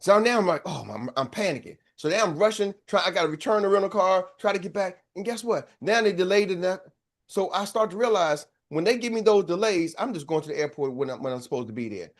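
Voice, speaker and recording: A man's voice: high-pitched, expressive, fast talker. A middle-aged man, a sales coach giving a motivational talk, telling stories in a preachy way and calling out to his audience. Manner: preachy, storytelling, calls out to the audience. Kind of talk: motivational speech.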